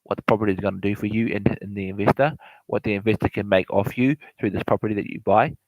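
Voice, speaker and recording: Speaking quickly with fairly even intonation, a man with a lowish voice rambles through property investment advice, repeating himself, fixing his own wording, and addressing the listener head-on. The audio is poor, with no room sound.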